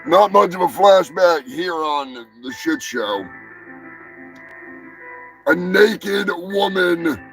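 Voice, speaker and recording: A man hosting a live show, chatting casually, joking crudely, swearing and shouting now and then. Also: high voice, rough recording. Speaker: host. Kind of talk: casual live-stream chat. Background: music playing.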